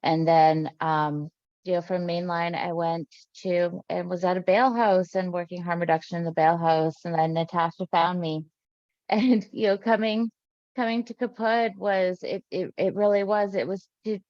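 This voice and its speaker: A woman's voice: on the low side, steady tone, darkish tone, no echo, dull audio. A woman who works in harm reduction, sharing her story earnestly over a video call, often restarting her sentences. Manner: earnest, halting, many restarts.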